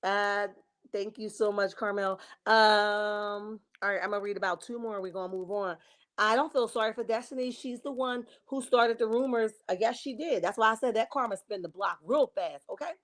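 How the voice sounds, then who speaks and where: A woman's voice: mid-range voice, steady tone, moderate pace, fairly bright tone. A woman hosting a casual gossip livestream, reading viewer comments aloud and calling her viewers honey and baby. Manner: reenacts dramatic quotes. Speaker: livestream host reading chat.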